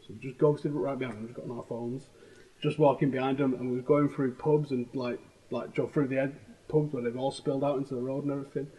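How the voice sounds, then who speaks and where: A man with a Manchester accent tells lively, profane stories at a rapid clip. His voice is slightly husky, and his speech is loose and conversational, full of slang. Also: medium pitch, low-quality recording. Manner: animated storytelling, heavy swearing, slangy. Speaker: host. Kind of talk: casual chat.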